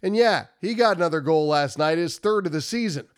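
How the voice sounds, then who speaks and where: Guy w a cold, nasal, kinda high voice, repeats himself a lot going over the game. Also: lively intonation, fairly quick, clear, resonant tone. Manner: emphatic, repetitive, stumbles over words. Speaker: hockey commentary host. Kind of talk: post-game analysis video.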